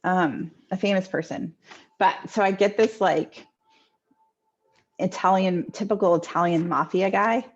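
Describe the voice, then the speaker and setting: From her home near a kitchen, a woman medium gives live online intuitive readings over a video call. Her voice is on the low side, unhurried and slightly rough, and she comes across as chatty and hesitant with many ums. The sound is lo-fi.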